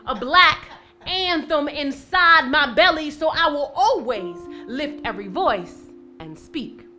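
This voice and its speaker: A young American woman poet performing spoken word at a live indoor event, her voice high and bright. She recites in a measured, unhurried rhythm with strong emphasis, then drops into soft, halting asides between poems. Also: animated, soft background music. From Maryland, USA. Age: young adult.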